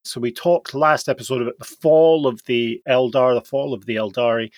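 A man hosting a casual podcast, slowly explaining game lore in a storytelling way with some fillers. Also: medium pitch, dry recording.

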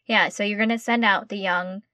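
A woman's voice: mid-range voice, fairly even intonation, fairly quick, pushed and bright, no echo. Emphatic young woman, dry close sound. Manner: emphatic, outraged, repeats herself. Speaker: podcast co-host. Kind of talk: casual chat.

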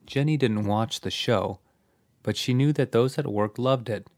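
A man's voice: mid-range voice, unhurried, darkish tone, dry recording. A man narrating a comic story in a dry, matter-of-fact way.

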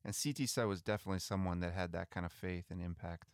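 A man co-hosting a podcast, chatting and retelling missionary history in a relaxed, conversational way with some restarts. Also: low-pitched, quick pace, smooth, dry recording, studio quality. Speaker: podcast co-host. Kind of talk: casual storytelling about missionary history.

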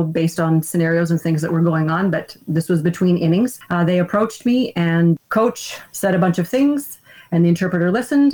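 A middle-aged woman who works as a baseball umpire, speaking in a slightly low voice. She chats candidly in a casual podcast interview and brings her anecdotes to life as she retells them. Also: darkish tone. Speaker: baseball umpire and umpire association president.

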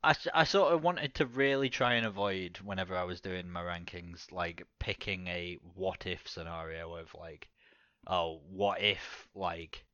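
A man co-hosting a sports podcast, chatting casually, swearing freely and laughing loudly. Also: sits low, fairly even intonation, a little slow, lo-fi sound. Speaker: podcast co-host.

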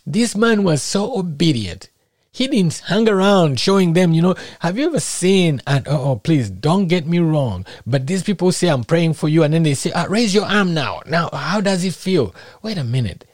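A man preaching a sermon in a conversational, animated way, acting out little scenes as he goes. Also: on the high side, moderate pace, no echo, studio quality.

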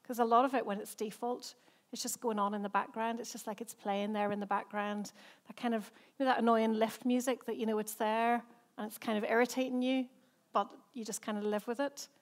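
A woman's voice: on the high side, steady tone, a little fast, hardly any pauses. A woman, a senior pastor who preaches a sermon in a chatty, self-mocking way and laughs often. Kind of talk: sermon with personal stories.

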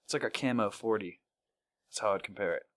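A man co-hosting a casual beer-tasting podcast, joking and breaking into loud sudden outbursts. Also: fairly low pitch, a little fast. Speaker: podcast co-host. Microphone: studio microphone.

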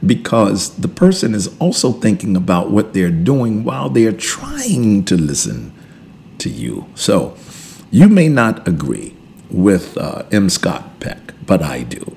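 A man, a pastor hosting a podcast, teaching in a relaxed conversational way, repeating and restarting words and chuckling between points. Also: on the low side, takes it slowly, creaky, a little hiss or hum. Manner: emphatic, preacherly build-ups.

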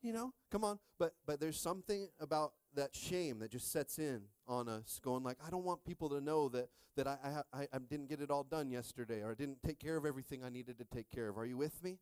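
A middle-aged man pastor preaching a sermon with call-and-response, joking with the congregation and rising into shouted stretches. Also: medium pitch, brisk, hardly any pauses, clear, resonant tone, no echo.

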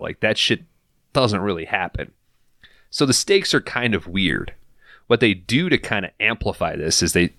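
A man on a podcast recapping a film in casual, profane, animated storytelling, acting out the characters' lines as he goes. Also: on the low side, no room sound, studio quality.

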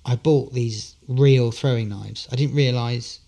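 A man's voice: medium pitch, fairly even intonation, unhurried, gravelly, mellow. A man telling a long anecdote as a podcast guest, full of fillers and restarts. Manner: rambling storyteller, many fillers and restarts. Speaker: guest, street performer.

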